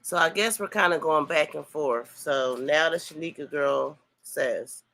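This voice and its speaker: A woman co-hosting a couple's commentary channel muses while reading viewer comments aloud and chatting with her partner on their casual show. Her voice is low-pitched and a bit bright with vocal fry, and she speaks at a measured pace.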